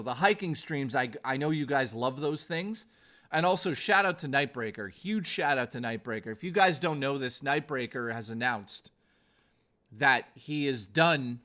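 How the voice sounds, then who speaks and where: Strained and sharp, this streamer host's mid-range voice is giving out as he chats live with viewers through a close desk mic. He delivers a sincere, motivating pep talk and swears freely.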